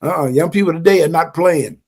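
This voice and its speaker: A man's voice: fairly high pitch, fairly quick, darkish tone, husky. An older man giving an impassioned livestream teaching in a fervent, preachy way, often stammering and repeating words.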